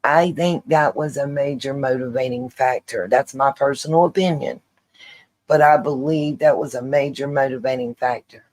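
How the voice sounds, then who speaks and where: A woman's voice: extremely low pitch, normal speed, darkish tone. A woman hosting her own channel, giving opinion commentary straight to her viewers, emphatic and repeating her points for weight. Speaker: channel host.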